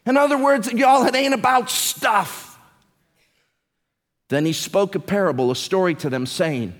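A male pastor, preaching a sermon with emphatic, slow phrasing. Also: high-pitched, animated, a bit bright, big-room sound.

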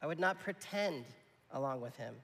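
Guy preaching a sermon, kinda high voice with lots of gravel, keeps asking the crowd "right?", long hall echo. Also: animated, normal speed, fairly bright tone. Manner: conversational preaching, checks in with the audience. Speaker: pastor.

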